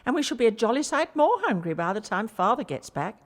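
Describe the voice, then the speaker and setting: A woman's voice: on the high side, very animated, long reverb tail. Woman doing a sly clever boy. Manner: cheeky, quick-witted. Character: sly clever young lad.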